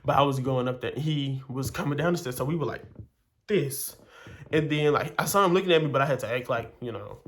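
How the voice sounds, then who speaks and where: A man's voice: medium pitch, brisk, a little hiss or hum. A young man vlogging, telling a long personal story in a chatty way, full of fillers and acted-out quotes. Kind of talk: casual storytelling.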